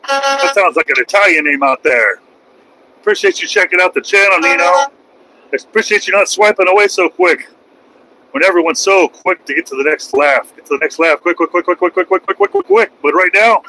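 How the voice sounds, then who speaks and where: A man's voice: sits high, pushed and bright, slight background noise, poor audio. A middle-aged man, a trucker, chatting on a casual live stream from his cab, rambling and joking at his own expense. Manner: rambling, joking, self-mocking. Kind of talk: casual live-stream chat while driving.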